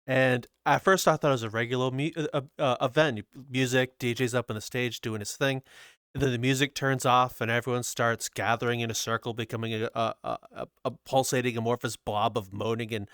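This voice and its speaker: A man hosting a podcast, asking his guest questions plainly and halting at times. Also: mid-range voice, fairly even intonation, a bit bright, clean tone, no echo, clean studio sound. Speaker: podcast host. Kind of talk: casual interview.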